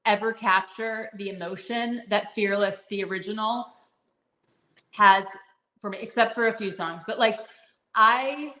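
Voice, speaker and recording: A woman's voice: mid-range voice, measured pace, pushed and bright, roomy sound, poor audio. A woman co-hosting a fan podcast, chatting casually and gushing with lots of fillers and restarts. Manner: gushing, rambling with many fillers. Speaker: podcast co-host.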